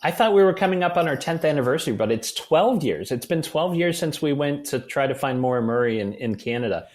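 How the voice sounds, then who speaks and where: A man who is a guest author on a podcast, chatting casually and telling lively anecdotes. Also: fairly high pitch, a little fast. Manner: animated anecdotal storytelling.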